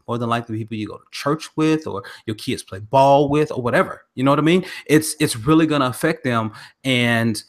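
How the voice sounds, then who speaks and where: A man's voice: medium pitch, a bit bright. A man from the American South hosting a podcast, talking earnestly with many restarts over a remote call. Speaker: podcast host. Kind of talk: casual podcast chat.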